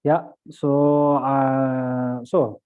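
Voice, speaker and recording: Male dharma teacher, Tibetan accent, halting with restarts, slow deliberate recitation; phone-thin sound, mid-pitched voice. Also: flat delivery, clear, resonant tone. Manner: halting, with many fillers and restarts. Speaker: Buddhist teacher. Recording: tinny phone-like audio.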